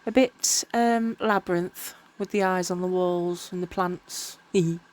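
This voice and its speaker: A woman's voice: lowish voice, fairly even intonation, unhurried, darkish tone. A tired woman chatting casually while crafting, rambling and often tripping over her words. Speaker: miniature crafter. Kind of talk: casual crafting vlog narration.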